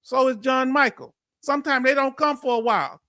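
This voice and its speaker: A man's voice: very high voice, brisk, bright, forceful tone, no room sound, clean studio sound. A man with a Southern Texan accent hosting a casual livestream, blunt and straight-talking as he speaks to his viewers. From Houston, Texas. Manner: blunt, straight-talking, addresses chat directly. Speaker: livestream host.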